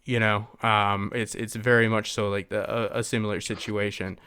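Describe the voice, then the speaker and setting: A man hosting a podcast, talking in a casual, rambling way with lots of fillers and animated asides. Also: lowish voice, moderate pace, clean tone, no room sound, studio quality. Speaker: podcast host.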